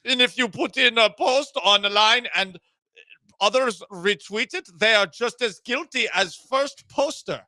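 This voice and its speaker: A man's voice: very high voice, measured pace, bright, forceful tone, no echo, pitched above the performer's own voice, exaggerated voice. A man putting on a cartoonish, menacing German official with a thick mock accent and stilted broken English. The voice sits well above his own, harsh and cutting. It is recorded dry in a talk radio studio.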